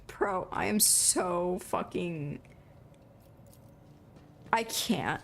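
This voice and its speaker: A young woman gaming streamer gives casual let's-play commentary, exasperated, profane, and laughing. Her voice is on the low side, very slow and creaky, with a little hiss or hum.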